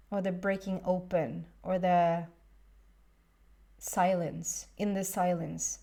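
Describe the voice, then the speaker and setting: A woman in her thirties giving a tarot reading in a casual, rambling monologue, emotional and quick to laugh. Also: on the low side, level tone, gravelly, mellow. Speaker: tarot reader.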